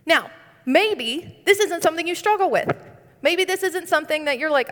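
A woman's voice: very high voice, lively intonation, normal speed, a bit bright. A young woman giving a conversational sermon, earnest and sprinkled with light humorous asides. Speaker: speaker giving a devotional. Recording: long reverb.

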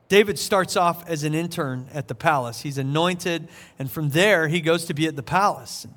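A man in his thirties preaching a sermon, retelling a story in a casual, animated way with playful voiced asides. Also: fairly high pitch, normal speed. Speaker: pastor.

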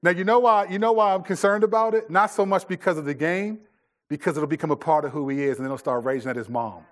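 A man's voice: on the high side, fast talker. A middle-aged man preaching a sermon in a loose, conversational way, with many restarts and fillers. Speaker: pastor.

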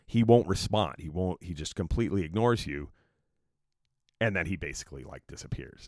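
A man's voice: sits low, animated, moderate pace, a little mellow, no echo, clean studio sound. A man hosting his own podcast, telling a story in a rambling, casual way with lots of fillers and swearing. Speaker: podcast host.

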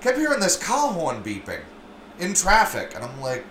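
A man's voice: a little high, moderate pace, reverberant, slight background noise. A man co-hosting a podcast, telling casual stories with lots of swearing and acted-out sounds. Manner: animated storyteller, swears often, acts out sounds. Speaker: podcast co-host. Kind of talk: casual chat.

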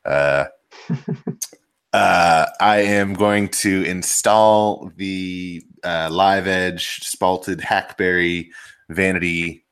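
A man's voice: low voice, steady tone, drawn-out words, fairly bright tone, clean tone. A man chatting on a casual live stream, telling everyday stories in an easygoing way.

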